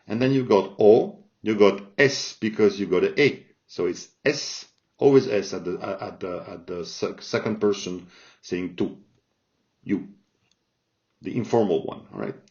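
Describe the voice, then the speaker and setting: A Spanish teacher, a man with a fairly low, darkish voice, explains grammar from a chart at a slow pace. He repeats the forms and checks in with "all right?" The lo-fi recording sounds dull.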